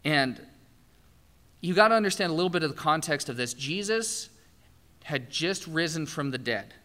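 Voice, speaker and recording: A man's voice: fairly high pitch, expressive, normal speed, sharp tone. A man preaching a sermon, telling the story with animation and acting out the quoted speech. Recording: long hall reverb.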